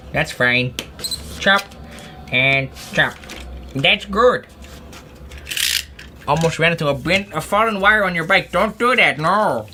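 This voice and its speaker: A man's voice: fairly high pitch, pushed and bright, slight background noise. A man live-streaming while he crafts, rambling in goofy, playful self-talk with lots of little asides. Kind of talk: casual livestream chatter while crafting.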